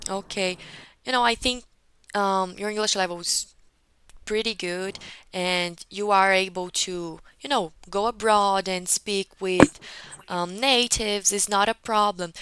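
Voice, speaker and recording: A woman's voice: medium pitch, steady tone, measured pace, a bit bright, clean tone, low-quality recording. A woman teaching an English conversation class over a video call, patiently correcting a student and often checking in with "okay?". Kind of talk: one-on-one online class feedback.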